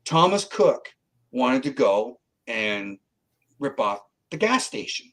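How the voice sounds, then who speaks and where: On poor audio, a middle-aged man from Canada talks slowly in a mid-range voice. He's a guest psychic in a casual interview, recounting a story in an animated way and acting out the voices of the people involved.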